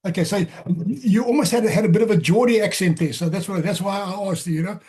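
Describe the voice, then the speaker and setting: A man's voice: sits high, fast talker, darkish tone. A man who grew up in Southern Africa, answering audience questions on a video call, hesitant with many restarts.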